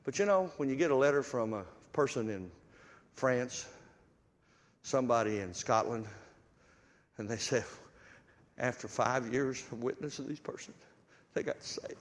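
An older man preaching a sermon, moving from hushed storytelling to sudden loud bursts of excitement. His voice sits in an ordinary middle pitch. It carries a long reverb from a large church hall. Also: moderate pace, long pauses.

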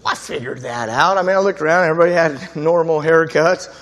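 A man preaching, telling his testimony as a lively story, acting out the voices of the people in it. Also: fairly high pitch, fast talker, in a large hall. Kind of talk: storytelling sermon.

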